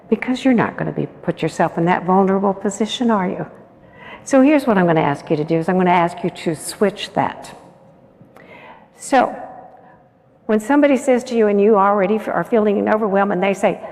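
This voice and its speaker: A woman's voice: mid-range voice, fairly quick, darkish tone. A woman giving a motivational conference talk, earnest and coaxing, often putting questions to the audience. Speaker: conference keynote speaker. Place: large conference hall. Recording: echoey conference hall.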